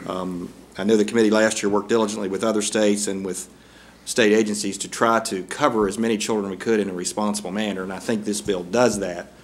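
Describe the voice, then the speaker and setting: A man legislator arguing in a committee hearing, earnest, with some hesitant restarts. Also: on the low side. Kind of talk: committee debate.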